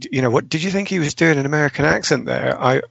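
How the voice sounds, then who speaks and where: A man co-hosting a casual film discussion, firm and opinionated in a measured way. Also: a little high, creaky, a bit bright, no echo. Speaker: podcast co-host. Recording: dry, dull lo-fi podcast audio.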